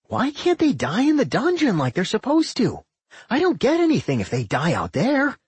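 A man doing an excitable, cheerful dungeon spirit. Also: extremely high pitch, moderate pace, breathy edge, no echo, voice pushed up, heavily acted. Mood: excited.

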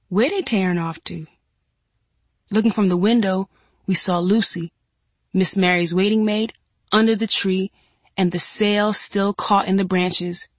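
A woman narrating a first-person audiobook in a steady, measured storytelling manner. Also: medium pitch, no echo.

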